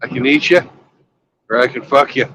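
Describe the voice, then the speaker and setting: A man's voice: medium pitch, normal speed, fairly bright tone, slight background noise, natural voice, poor audio. A man voicing a crude, menacing male bear in a joke he is telling. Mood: threatening. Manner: blunt, menacing, mocking.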